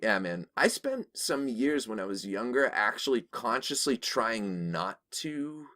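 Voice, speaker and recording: Man, Boston-area accent, laid-back chatty podcast co-host, bright mid voice. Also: medium pitch, big pitch swings, unhurried. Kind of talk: casual chat.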